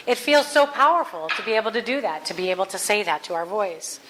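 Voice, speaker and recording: A woman's voice: medium pitch, expressive, fast talker, few pauses, background noise. A woman preaching a conversational Sunday sermon, earnest with playful asides. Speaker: minister.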